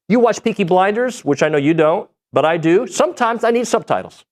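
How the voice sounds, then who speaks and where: Lively, joking male sports radio host. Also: high voice, a little fast, hardly any pauses. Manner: animated, joking, rambling. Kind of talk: casual sports talk show chat.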